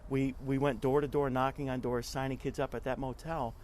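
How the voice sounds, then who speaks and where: Appearing as an interview guest, this man speaks a little fast in a level, mid-range voice with a darkish tone. His storytelling is earnest and conversational, and he tends to repeat words. Slight background noise can be heard.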